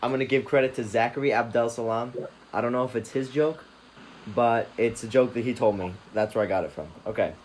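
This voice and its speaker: A man's voice: medium pitch, a little fast, low-quality recording. Laid-back young man, faint noise behind. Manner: relaxed, joking, laughs easily. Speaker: podcast co-host. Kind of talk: casual chat.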